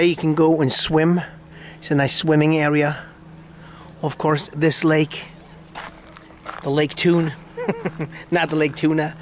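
A man's voice: fairly high pitch, a little hiss or hum. A man from Switzerland filming a casual walking vlog by a lake and in an old church, musing aloud and sometimes dropping to a whisper. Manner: relaxed, musing, drops to a whisper now and then. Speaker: travel vlogger.

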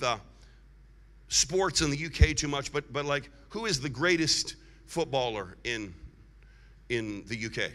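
A man preaching a sermon as guest evangelist, leading the congregation in call-and-response and building to loud, emphatic shouts. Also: fairly high pitch. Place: large church hall. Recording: long hall reverb from a large church.

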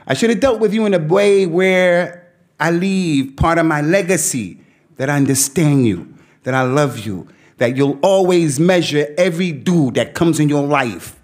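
A middle-aged male preacher, telling stories to youth in a lively, streetwise way, mixing slang with Arabic phrases. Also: on the high side, unhurried. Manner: animated storytelling, quoting himself. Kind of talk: talk to a youth audience.

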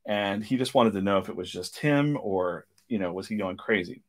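A man's voice: lowish voice, moderate pace. A man hosting a live podcast, talking casually with many fillers and restarts while drawing. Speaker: podcast host.

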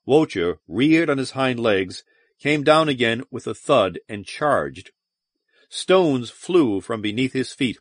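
A man narrating a science fiction audiobook in a measured, dramatic manner. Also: mid-range voice, expressive, dry recording, clean studio sound. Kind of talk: scripted narration.

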